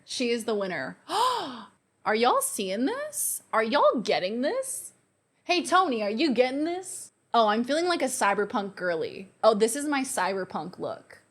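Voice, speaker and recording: A young woman chatting through a makeup tutorial, excitable and gushing, joking with the camera and gasping in delight. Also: medium pitch. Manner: excitable and gushing, with frequent gasps and squeals; playful, self-mocking banter to the camera. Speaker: beauty vlogger. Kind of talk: chatty get-ready-with-me makeup vlog.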